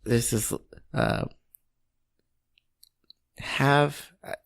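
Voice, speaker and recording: A man co-hosts a casual podcast, rambling through an anecdote full of restarts and swearing. His mid-range voice carries a steady gravelly fry. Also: mid-range voice, very slow. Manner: rambling, profane, restarts often. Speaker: podcast co-host. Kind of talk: casual storytelling chat.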